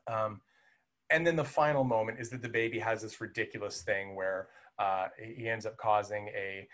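A man's voice: lowish voice, a bit bright. A man in a casual podcast conversation, chatting animatedly about a film with many fillers and restarts.

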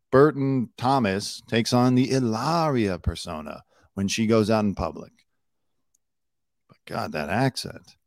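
A man's voice: on the low side, no echo, clean studio sound. A man hosting a casual celebrity news show, talking bluntly and sarcastically and swearing now and then.

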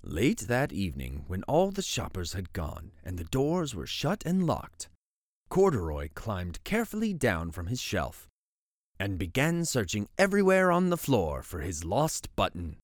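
A man's voice: lowish voice, wildly swooping pitch, a little slow, dry recording, studio quality. A man hosting a show and reading a bedtime picture book aloud, telling the story with voices. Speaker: host and story reader.

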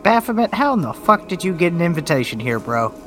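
A man's voice: fairly high pitch, very animated, fast, a bit bright, faint music behind. A man playing a tabletop role-playing game, talking brashly and swaggering in character. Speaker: player.

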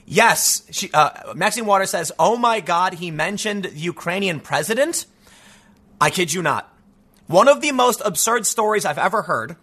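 A man in his thirties hosting a casual commentary show, reading news aloud with animated asides and rapid restarts. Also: high voice, husky. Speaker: political commentary host.

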